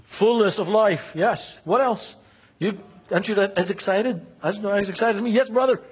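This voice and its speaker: A male preacher with a high, husky voice delivers a sermon. He tells stories earnestly and keeps calling on the congregation for answers. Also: normal speed. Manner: earnest, engages the congregation with questions. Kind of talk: sermon with storytelling.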